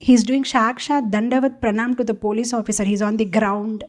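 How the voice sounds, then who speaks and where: A woman gives a devotional talk in a mellow, warm voice that sits a little high. She tells her story with animation, taking on the voices of the people in it. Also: level tone, a little fast. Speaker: devotional speaker.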